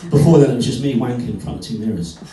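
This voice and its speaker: A man's voice: medium pitch, lively intonation, racing. A man performing stand-up comedy in a club, telling stories in a wry, self-deprecating way and chatting with the crowd. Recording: echoey club, far from mic, crowd.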